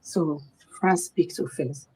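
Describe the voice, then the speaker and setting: A woman's voice: low voice, slow, breathy edge. A middle-aged woman with a Nigerian accent, a guest on a live talk program, telling a personal story and acting out what other people said. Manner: animated, acts out the quoted voices of others.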